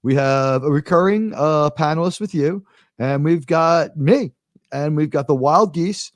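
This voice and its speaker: An American man hosting a live talk show, telling stories in a rambling, animated way with lots of fillers. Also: fairly high pitch, a little slow, dry recording, clean studio sound. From United States. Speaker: host.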